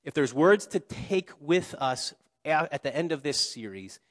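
A man preaching a sermon, repeating key phrases slowly and letting his voice fall quiet at the ends of lines. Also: on the high side, expressive. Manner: preaching with slow emphatic repetitions and dramatic drops in volume. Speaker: pastor. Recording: long reverb of a large hall.

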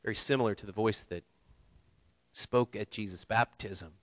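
A man's voice: lowish voice, normal speed, fairly bright tone, no room sound. A man preaching a sermon in a church, earnest and conversational, with small restarts and light humor. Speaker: pastor. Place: church sanctuary.

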